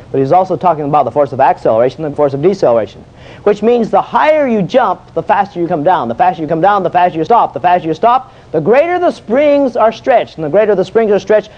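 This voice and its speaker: A man with a high voice gives a folksy, jokey exercise lecture. He asks questions and answers them himself. The sound is dull and lo-fi, like an old video tape. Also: very animated, fast, darkish tone. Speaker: fitness instructor.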